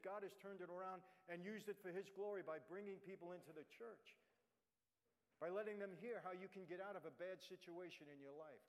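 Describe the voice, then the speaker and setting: A man preaches his testimony in a blunt, plain-spoken way, talking right at the crowd. His voice sits a little higher than most men's. A long reverb from a big hall trails behind every line. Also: steady tone, fairly quick. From New York, USA. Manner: blunt, conversational, addresses the audience directly. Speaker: guest speaker. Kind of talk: testimony sermon. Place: church.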